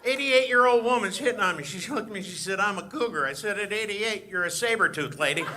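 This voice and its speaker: A man's voice: high-pitched, quick pace, heavy background noise, pitched above the performer's own voice, lightly acted. A man impersonating a brash older male insult comic, needling the crowd on stage in a stand-up impression. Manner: needling the crowd, punchy jabs.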